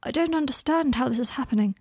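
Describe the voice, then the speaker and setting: A woman's voice: high-pitched, fast, a little mellow, slightly rough, dry recording, pitched above the performer's own voice. A woman voicing an anxious, self-deprecating young man who swears under his breath, in a fan fiction reading. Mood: flustered.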